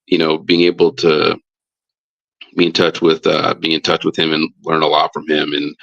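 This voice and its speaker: A man's voice: extremely low pitch, completely flat delivery, moderate pace, creaky, a bit bright, lo-fi sound. A man, a football coach, telling a casual story on a podcast, full of fillers and restarts. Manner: rambling with many fillers and restarts. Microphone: live stream mic.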